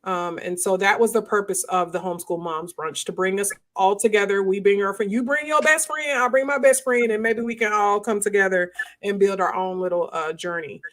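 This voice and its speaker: A woman hosting a casual chat among homeschool moms, lively and emotional, laughing often as she tells stories. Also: medium pitch, a little fast. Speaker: host of a homeschool moms gathering.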